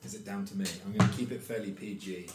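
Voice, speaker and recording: A man co-hosting a podcast in casual chat, playful and quick to laugh, fond of telling jokes. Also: fairly low pitch, fairly even intonation, roomy sound, heavy background noise. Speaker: podcast co-host.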